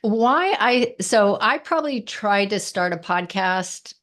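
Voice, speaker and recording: A woman's voice: medium pitch, expressive, slow, fairly bright tone. Frank businesswoman guest. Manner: frank, direct, down-to-earth. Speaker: entrepreneur guest. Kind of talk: casual interview chat.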